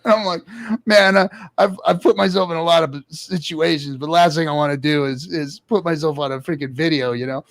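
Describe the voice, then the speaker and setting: Brief: male storyteller, gravelly, high-ish voice, dry close mic, animated. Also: brisk, no echo. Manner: animated, loud quoted voices, swears often. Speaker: podcast co-host. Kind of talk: casual storytelling chat.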